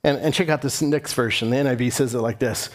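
A man's voice: mid-range voice, fast talker. A middle-aged man preaching a sermon as pastor, earnest and climbing to impassioned emphasis.

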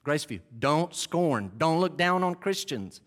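This pastor's voice sits on the high side, a bit bright and very animated, though he never hurries. Preaching in a church sanctuary, he hammers home key phrases by repeating them and turns to the congregation with self-deprecating asides.

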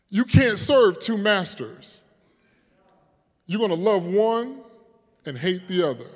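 A high-voiced man preaching a sermon, unhurried and deliberate. He builds to loud declarations, then drops to hushed prayer, and laughs along with his congregation. His voice rings through the long reverb of a church hall. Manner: calls on the congregation, jokes and laughs with them. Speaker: pastor.

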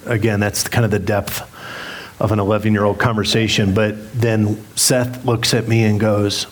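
A man's voice: on the low side, level tone, moderate pace. A middle-aged man preaching a sermon as pastor, candid and self-deprecating as he tells a story with humor. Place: church sanctuary.

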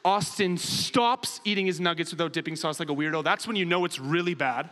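High bright dude preaching, telling a goofy story, big echoey hall. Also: male voice, fairly quick. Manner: animated, comic storyteller. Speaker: pastor. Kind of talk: storytelling sermon.

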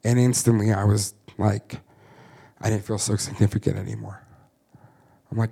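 A man's voice: fairly low pitch, level tone, normal speed, gravelly, long pauses, dark tone, husky. A man in his thirties, a missionary, telling a personal testimony in an earnest way and often laughing at himself. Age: 30s.

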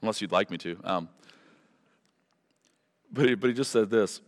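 Earnest low-voiced pastor in a reverberant hall. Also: male voice, moderate pace. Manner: earnest, pleading, with self-corrections. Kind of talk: sermon closing and prayer. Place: church sanctuary.

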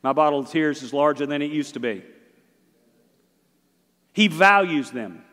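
A middle-aged man, a pastor preaching a sermon, swinging between loud and hushed delivery. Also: fairly high pitch, animated, a little slow, in a large hall.

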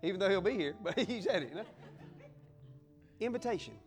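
A man's voice: sits high, expressive, fairly quick, soft background music. A man preaching a sermon as pastor, fiery and exuberant, with whoops and acted-out little scenes.

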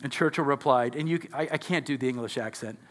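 Bright-voiced pastor preaching in a reverberant church. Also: male voice, medium pitch, fast. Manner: conversational, asks the congregation questions. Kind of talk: sermon. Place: church sanctuary before a congregation.

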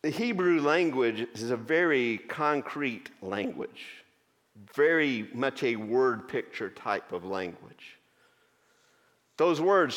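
A man's voice: mid-range voice, a bit bright. Man preaching in an echoing church. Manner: earnest, explaining scripture with many pauses. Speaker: pastor. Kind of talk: sermon. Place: church sanctuary. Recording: long church reverb.

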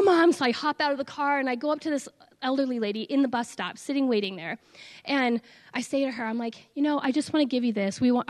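A middle-aged woman giving an earnest, halting testimony to a church congregation, with many fillers. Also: on the high side. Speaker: church speaker.

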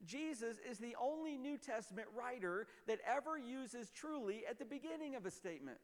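A man preaching a sermon as a pastor, emphatic and explanatory, often dropping to a low, quiet voice. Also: lively intonation, moderate pace, big-room sound.

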